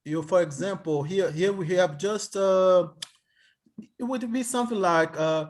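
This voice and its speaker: Slow, hesitant male Greek tutor on a video call, slightly high voice. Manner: hesitant, halting, many restarts. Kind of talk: online tutoring session.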